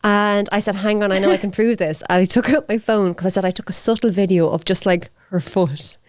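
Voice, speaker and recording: Irish woman, young adult, comedian co-host, teasing, chatty, rapid. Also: medium pitch, fairly even intonation, no echo, clean studio sound. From Ireland. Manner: quick, chatty, teasing, many short agreements. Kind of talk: casual chat.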